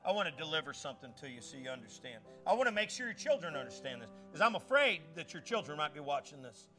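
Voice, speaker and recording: An older male pastor preaching a sermon in a high, bright voice. He talks to the congregation in a loose, conversational way, then climbs into emphatic shouted peaks. Soft music plays faintly underneath. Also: very animated, fast.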